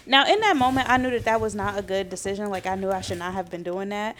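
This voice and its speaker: A young adult woman in casual chat, telling her own story in a relaxed, laid-back way. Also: medium pitch, fast, few pauses, noisy background.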